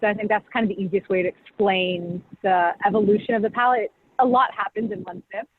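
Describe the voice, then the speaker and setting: A woman's voice: mid-range voice, fairly even intonation, a little fast, breathy edge, no echo. Chatty woman on a tinny video call. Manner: chatty, full of "like" and "you know". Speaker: champagne brand director, guest. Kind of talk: casual explanatory talk. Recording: tinny video call audio with faint hiss.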